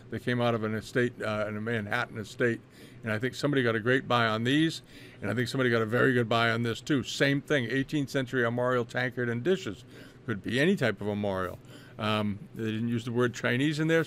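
A man in the middle pitch range talks through auction lots in a loose, conversational way. He trails off and restarts often, with a lot of "uh" and "um". A faint hiss of noise sits under the recording. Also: fairly bright tone. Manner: rambling, frequent fillers and restarts. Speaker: art auction commentator. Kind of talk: casual spoken commentary.

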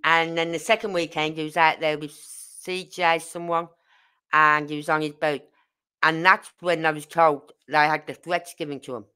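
A woman's voice: low-pitched, level tone, moderate pace, pushed and bright, clean tone. A woman hosting a true crime livestream, rambling and indignant as she reads out viewer comments. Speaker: true crime channel host. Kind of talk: casual livestream chat.

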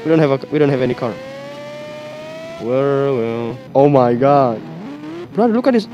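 A man giving casual, excitable commentary while playing a mobile game, exclaiming often and laughing at what happens. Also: medium pitch, moderate pace, muffled recording, noisy background. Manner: excitable, exclaims often, calls the viewer bro.

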